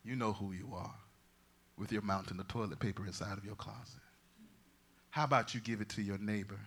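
A man preaching a lively sermon as pastor, swinging from loud proclamations to quiet, joking asides. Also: fairly low pitch, fairly quick, gravelly, breathy edge. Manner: humorous, conversational asides.

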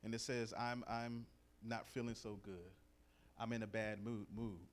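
A middle-aged man preaching a sermon in a lively, conversational way, reading verses and telling stories. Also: fairly low pitch, measured pace. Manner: lively, conversational, acts out quoted voices.

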